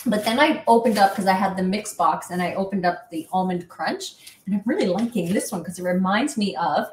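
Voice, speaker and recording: A woman's voice: mid-range voice, brisk, far from the mic, slight background noise. A middle-aged woman from Canada, hosting in a casual, rambling, chatty way. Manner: chatty, rambling, self-deprecating. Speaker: host. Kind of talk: casual chat. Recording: echoey room from off-mic.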